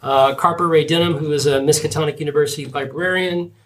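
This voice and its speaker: Halting male game master, high voice. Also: steady tone, echoey room. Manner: hesitant, lots of uh fillers. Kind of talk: running a tabletop game.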